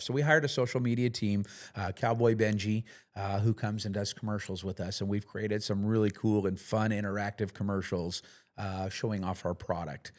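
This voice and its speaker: A middle-aged man talking casually as a podcast guest, plain-spoken, with lots of fillers and restarts. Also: fairly low pitch. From United States. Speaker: podcast guest, business owner. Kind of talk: casual interview talk.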